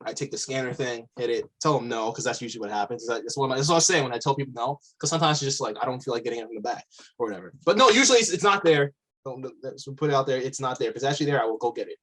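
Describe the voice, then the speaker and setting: A man's voice: mid-range voice, expressive, very fast, a bit bright. A young man co-hosting a casual podcast, telling loose work stories between laughs and acting out customers. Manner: loose storytelling with laughs and voiced impressions of customers. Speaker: podcast co-host. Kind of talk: casual chat.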